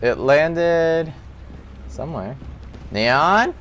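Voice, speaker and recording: A young man hosting a casual gaming session with friends over voice chat, animated and yelping at jump scares. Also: fairly high pitch, very slow, crowd noise. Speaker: gaming host.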